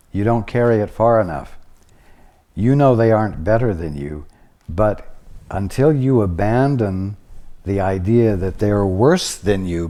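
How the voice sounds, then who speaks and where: A man giving a spiritual teaching talk to a study group, measured and deliberate, with long pauses. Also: fairly low pitch, dark tone.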